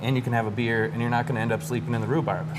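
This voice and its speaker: A man's voice: medium pitch, little pitch movement, rapid-fire, loud music behind the voice. Joking man explaining beer. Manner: jokey, loose, many fillers. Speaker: brewery guest. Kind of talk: casual radio interview.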